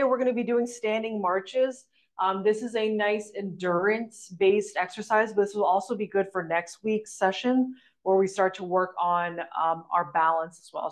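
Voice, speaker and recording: A woman teaching an online exercise class, giving encouraging step-by-step instructions as she demonstrates, a little out of breath. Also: medium pitch. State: slightly out of breath. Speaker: fitness instructor.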